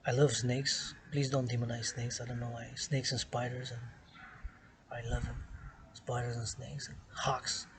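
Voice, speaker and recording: A man in a mid-range voice philosophizes outdoors, looping back over the same phrases again and again. He leans hard on some words and drops to a hush on others. Steady outdoor noise runs clearly under him. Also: mid-range voice, moderate pace. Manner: repetitive and emphatic, swinging between loud stresses and hushed whispers. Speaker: vlogger philosophizing to camera. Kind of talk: rambling monologue. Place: outdoors in the sun on an island.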